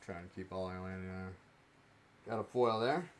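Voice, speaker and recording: A man's voice: low voice, moderate pace, a little hiss or hum. A young man chatting casually on his live stream as he opens card packs, rambling and joking about himself.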